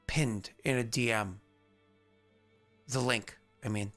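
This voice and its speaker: A man's voice: medium pitch, fairly even intonation, slow, fairly bright tone, soft background music. A man running a tabletop game as game master, chatty and rambling, with many fillers.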